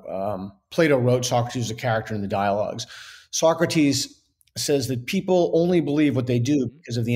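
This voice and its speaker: A man's voice: medium pitch, darkish tone. A man who is a guest on an interview show, speaking earnestly and reasoning aloud with frequent restarts. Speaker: author and guest. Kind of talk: interview conversation.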